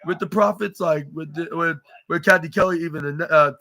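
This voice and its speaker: A man's voice: on the high side, normal speed, pushed and bright. A man hosting a podcast, recapping a wrestling show in a loose, rambling way with many fillers and restarts. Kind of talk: casual recap.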